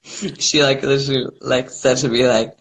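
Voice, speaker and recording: Young man guest, mid-pitched voice, casual and self-mocking, laughs often. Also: steady tone, moderate pace. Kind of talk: casual chat. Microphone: phone.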